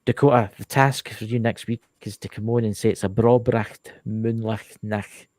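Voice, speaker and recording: A man's voice: fairly low pitch, steady tone, moderate pace, darkish tone, no echo. A man with a Scottish accent hosting a casual livestream chat, talkative and repeating himself with lots of "you know". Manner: chatty, repeats words, leans on fillers like "you know". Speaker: paranormal show host.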